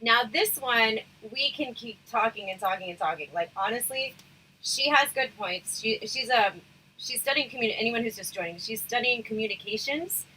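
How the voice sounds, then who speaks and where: A woman hosting a casual livestream chat, talking frankly and rambling with lots of fillers, her voice going hoarse. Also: fairly high pitch, normal speed, bright, forceful tone, low-quality recording. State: losing her voice, throat irritated. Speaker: livestream host.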